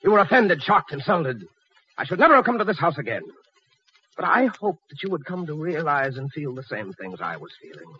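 A man's voice: on the high side, very animated, fairly quick, husky, heavily acted. An actor playing an ardent young male poet, impulsive and declamatory, in a 1940s radio drama. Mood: passionate. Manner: passionate, declamatory. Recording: lo-fi old radio with music.

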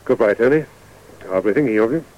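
An actor playing an urbane, dryly witty middle-aged father, speaking in a measured way. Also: medium pitch, animated, muffled recording, slight background noise, close to an everyday voice. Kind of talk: radio drama acting.

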